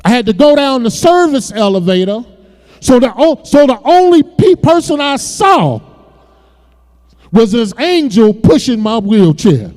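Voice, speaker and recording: A man with a very high voice preaches, telling his own story with emotion. He repeats words as he builds. His voice rings with a long reverb in a church sanctuary. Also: very animated, a little slow, darkish tone. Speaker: pastor. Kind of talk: sermon testimony.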